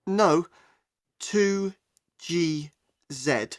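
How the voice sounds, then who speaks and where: A woman's voice: fairly low pitch, very slow, dry recording, studio quality. A woman with a British accent playing a teenage girl who gives her details and spells them out letter by letter in a scripted coursebook dialogue. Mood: plain. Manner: plain, spells out letters one by one.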